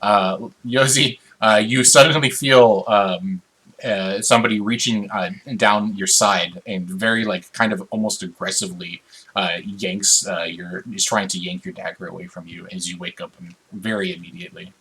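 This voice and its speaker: A man's voice: deep voice, steady tone, moderate pace, pushed and bright, slightly rough. A man talking casually while running moves at a tabletop game, loose and laughing with many fillers.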